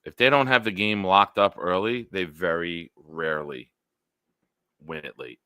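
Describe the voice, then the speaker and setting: A man's voice: low-pitched, unhurried, pushed and bright, clear, resonant tone, no room sound, studio quality. A man hosting a casual football live stream, blunt and opinionated, with some profanity. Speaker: host.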